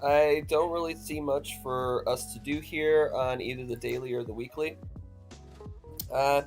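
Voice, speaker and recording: A man's voice: medium pitch, steady tone, measured pace, soft background music. A man co-hosting, walking through chart analysis methodically in a casual tone. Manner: methodical, technical when reading charts. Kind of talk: casual chat and chart commentary.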